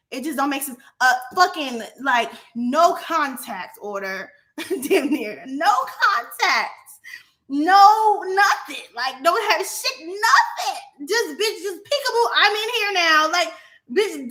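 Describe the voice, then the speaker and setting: A young woman on a livestream airs a grievance to her chat in a casual, heated rant. Her voice sits high and rings bright. She swears freely and stacks repeated words for emphasis. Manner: talks to her chat directly. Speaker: livestream host.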